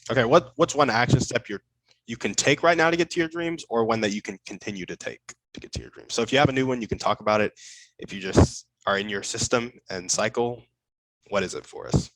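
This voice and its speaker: A man's voice: medium pitch, fast, a bit bright, dry recording, low-quality recording. A man hosting a podcast interview, upbeat and affirming, asking long, open questions over a video call. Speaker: podcast host. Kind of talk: casual interview chat.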